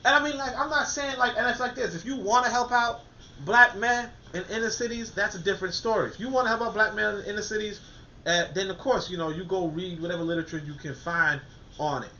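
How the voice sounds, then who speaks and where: A man's voice: high-pitched, quick pace, pushed and bright, a little hiss or hum. A man hosting a podcast in casual motivational talk, emphatic and repetitive, full of fillers and restarts. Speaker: podcast host. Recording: dull lo-fi recording.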